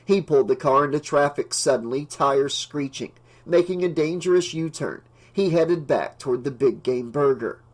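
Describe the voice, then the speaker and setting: Male audiobook narrator, slightly high voice. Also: normal speed, few pauses.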